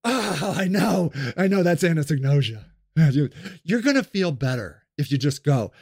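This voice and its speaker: A man putting on a soft-spoken, patronizing mental health official with a hushed, condescending manner. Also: medium pitch, lively intonation, a little fast, no echo, clean studio sound, pitched below the performer's own voice, natural voice. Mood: soothing.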